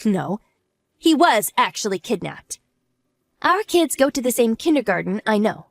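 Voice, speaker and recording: A woman plays a wronged wife in an audio drama, cool and mocking. Her fairly high voice moves with lively, sarcastic turns. The sound is dry and close. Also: vocal fry, no room sound, exaggerated voice. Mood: smug. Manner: smug, sarcastic, unhurried.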